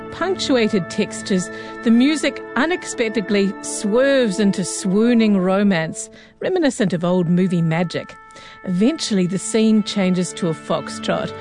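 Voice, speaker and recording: A woman reading a scripted introduction to a concert program in a smooth, descriptive way. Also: mid-range voice, darkish tone. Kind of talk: scripted narration.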